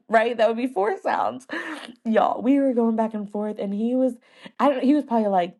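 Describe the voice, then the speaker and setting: A first-grade teacher who hosts a podcast tells a casual story at a moderate pace in a gravelly, slightly high voice. Her delivery is lively, full of laughter and playful imitations of words.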